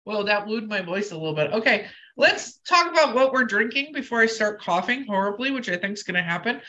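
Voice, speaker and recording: Bright-voiced woman host with a cold. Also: medium pitch, expressive, fairly quick. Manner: chatty, self-mocking. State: has a cold, husky voice. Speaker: podcast host. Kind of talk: casual chat.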